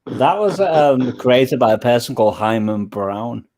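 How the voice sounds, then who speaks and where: A man's voice: medium pitch, expressive, unhurried, a little mellow. A man chatting casually about old films, rambling and often searching for names.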